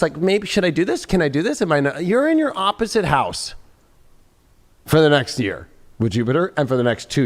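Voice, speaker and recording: A man hosting an astrology talk, brash and profane, smoking a cigarette as he talks. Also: high-pitched. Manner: brash, swears freely, animated. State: smoking a cigarette while talking. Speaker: astrology show host. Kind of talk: casual profane astrology chat.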